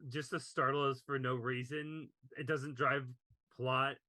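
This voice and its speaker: Bright-voiced young man, dry close sound. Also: medium pitch, measured pace, no room sound. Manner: relaxed, opinionated, asks questions. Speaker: podcast co-host. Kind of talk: casual movie review chat.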